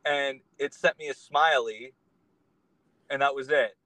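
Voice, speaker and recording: A man speaks at an ordinary pitch, neither high nor low, as a podcast guest in relaxed conversation. He tells his story earnestly and lets it wander as he goes, in a close, dry-sounding room. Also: measured pace, no room sound, low-quality recording. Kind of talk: casual conversation.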